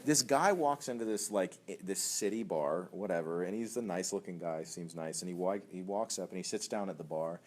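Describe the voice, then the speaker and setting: A man preaching as a young adults pastor, telling stories in a chatty, animated way with laughter. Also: low voice, a little fast, hardly any pauses. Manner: conversational, animated storytelling with laughs and acted voices. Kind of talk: sermon teaching.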